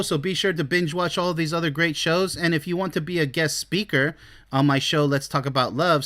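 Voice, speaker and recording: A man hosts a relationship advice show in animated solo commentary. His voice sits a little high and bright, lively and full of energy. He talks bluntly and excitably, with loud bursts and mocking mumbles. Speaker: relationship expert and show host.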